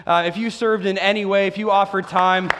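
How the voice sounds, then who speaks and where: A male pastor preaching in a church, eager and animated, who often trips over his words and starts sentences again. His voice sits high for a man. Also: brisk, background noise. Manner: excitable, with frequent stumbles and restarts. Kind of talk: sermon.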